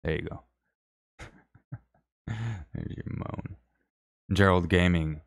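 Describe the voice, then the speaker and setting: A man's voice: sits low, drawn-out words, gravelly, long pauses. A man hosting a live stream, reading viewer comments in casual, rambling chat with joking, self-deprecating asides.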